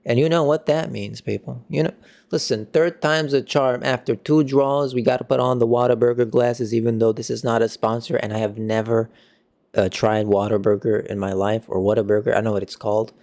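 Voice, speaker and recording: A young man giving a casual football match reaction, excitable and ranting, with sudden jumps in pitch. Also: brisk, gravelly. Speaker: football fan vlogger.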